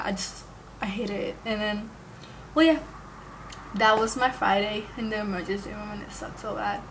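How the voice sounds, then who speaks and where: A woman's voice: medium pitch, steady tone, normal speed, fairly bright tone, slight background noise, poor audio. A young woman telling a story to camera in a casual, rambling way, filling her talk with "like" and the odd curse word. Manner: rambling, heavy use of "like", occasional cursing. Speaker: vlogger.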